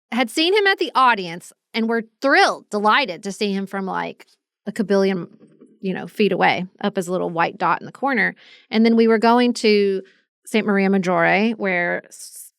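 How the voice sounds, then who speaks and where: A woman's voice: medium pitch, clean tone, no echo, clean studio sound. A woman, co-hosting a podcast and chatting in a casual way, telling travel stories and acting out the people she met. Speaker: podcast co-host. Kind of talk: casual chat.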